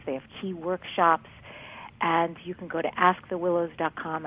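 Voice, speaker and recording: A woman hosting a radio talk show, interviewing a guest and then wrapping up with plugs and sign-offs. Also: fairly low pitch. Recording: tinny phone-line sound.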